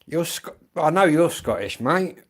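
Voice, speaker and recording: A man's voice: on the high side, big pitch swings, measured pace. A middle-aged man from England, rambling bluntly in a casual livestream chat and swearing freely.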